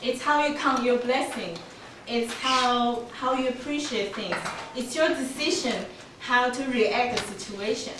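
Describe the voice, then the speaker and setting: Woman in her 40s giving a club speech, slow, laughs a lot, echoey room far from the mic. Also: a little high, background noise. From Taiwan. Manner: laughs often, lively telling with small grammar slips. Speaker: club speaker. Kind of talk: prepared storytelling speech. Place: meeting room.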